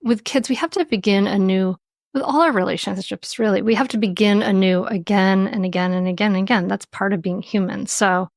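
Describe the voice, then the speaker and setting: A woman speaking as a podcast guest on parenting and mindfulness, gentle and reflective, often laughing lightly as she explains. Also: medium pitch, brisk, no room sound, clean studio sound. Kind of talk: podcast interview.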